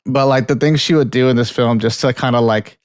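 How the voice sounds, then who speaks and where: A man's voice: mid-range voice, steady tone, a little fast, smooth, no echo, studio quality. A young man co-hosting a casual film podcast, rambling through a story, laughing often, swearing freely and restarting his sentences. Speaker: podcast co-host. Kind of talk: casual chat, film review and anecdote.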